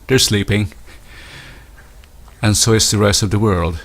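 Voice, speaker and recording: Giving an easygoing walk-through of his outdoor winter garden, a Filipino man speaks in an unhurried, tentative way, full of fillers and restarts. He has a lowish, steady voice with vocal fry.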